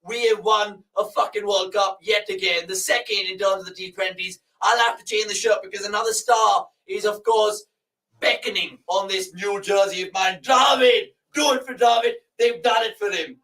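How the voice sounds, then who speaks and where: High, bright man shouting. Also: fairly even intonation, moderate pace, distant mic, low-quality recording. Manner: shouting, swearing, ecstatic. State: hoarse. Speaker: cricket watchalong host. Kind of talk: excited live match reaction.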